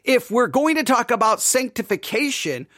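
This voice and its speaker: A woman leads a relaxed podcast Bible lesson in a dry, close recording. She talks it through conversationally and keeps checking in with her listeners. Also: on the high side, moderate pace, no echo. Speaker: Bible study teacher and podcast host.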